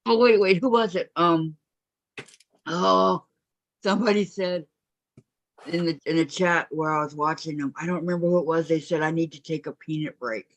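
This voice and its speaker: Her voice sits low, with fairly even intonation and a moderate pace. She runs a relaxed quilting live stream, chatting, laughing a lot and reading the chat out loud, all in muffled, dry, lo-fi audio.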